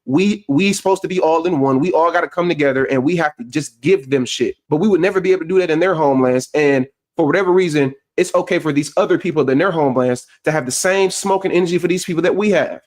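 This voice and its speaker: A man's voice: a little high, fast, hardly any pauses, darkish tone. Indignant man ranting. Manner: repetitive rhetorical questions, indignant. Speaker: commentary channel host. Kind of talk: heated monologue commentary.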